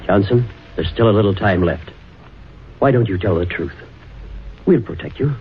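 A stern lawyer, deep. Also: male voice, expressive, moderate pace, faint music behind. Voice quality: firm, grave. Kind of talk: 1940s radio acting. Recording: dull old radio recording.

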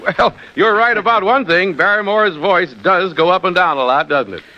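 A man hosting a scripted vintage radio show, asking questions as a brisk straight man. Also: high voice, expressive. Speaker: radio host. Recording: dull old radio recording.

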